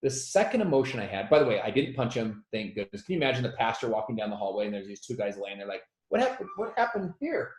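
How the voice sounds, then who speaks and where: A man in his thirties telling a personal story as a motivational speaker, animated and self-deprecating, who acts out the quotes loudly. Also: fairly low pitch, fast, hardly any pauses, reverberant, low-quality recording. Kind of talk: storytelling talk.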